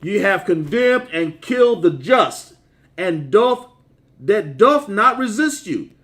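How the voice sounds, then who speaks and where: Man preacher on a phone stream, slightly high, lively swings, emphatic and drawn out. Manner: emphatic, drawn-out stresses, chats with viewers between verses. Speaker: livestream preacher. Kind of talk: sermon with scripture reading.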